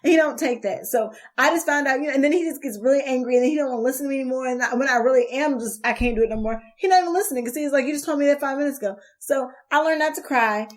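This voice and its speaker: A woman's voice: high-pitched, racing, few pauses. A young woman co-hosting a casual chat show, speeding up as she tells a story and quotes other people. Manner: speeds up when telling stories, quoting others. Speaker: co-host.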